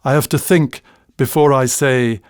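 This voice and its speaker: An older man with a Scottish accent speaks at an unhurried, deliberate pace, dwelling on each word. His delivery is dry and wry, a podcast monologue told with quiet relish for old dialect. The voice sits close and dead, with no room sound around it. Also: medium pitch, steady tone, smooth, no echo. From Scotland. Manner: dry wry storytelling, savoring dialect words. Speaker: podcast host. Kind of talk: slow reflective podcast monologue.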